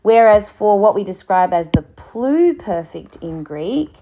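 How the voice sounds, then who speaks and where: A woman teaching a recorded lesson, explaining slowly, with fillers and restarts. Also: medium pitch, very animated, mellow, a little hiss or hum. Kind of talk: recorded lecture.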